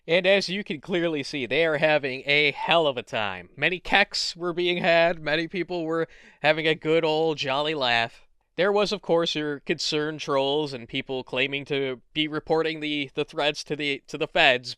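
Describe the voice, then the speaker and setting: A man's voice: on the high side, bright, forceful tone, clear, resonant tone, no echo, clean studio sound. A man giving casual, sarcastic commentary, swearing and laughing as he goes. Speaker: internet commentator.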